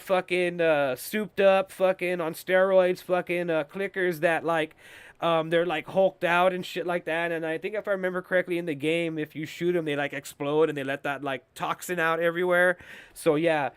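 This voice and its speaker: A man's voice: high-pitched, normal speed, clear, resonant tone, no room sound. Profane, rambling young man recapping a show. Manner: rambling, filler-heavy, animated. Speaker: show host reviewing TV episodes. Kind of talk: casual recap with heavy swearing.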